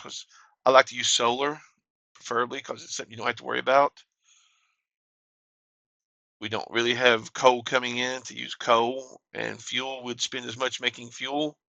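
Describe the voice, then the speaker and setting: A man hosting a gaming channel, talking through a mining game in a relaxed, plain-spoken way at a desk mic. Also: medium pitch, vocal fry, dry recording. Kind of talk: casual game commentary.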